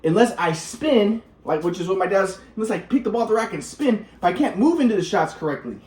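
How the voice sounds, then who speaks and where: A man's voice: high voice, expressive, fast talker, darkish tone. A man telling his own story in a rambling way, restarting sentences and repeating words. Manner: acts out quotes of others. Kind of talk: casual storytelling monologue.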